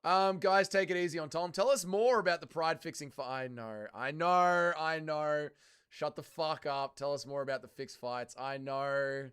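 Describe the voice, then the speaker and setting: Australian male streamer, profane banter, crisp and sharp tone. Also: on the high side, normal speed. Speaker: livestream host. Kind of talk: casual livestream chat, reading viewer comments.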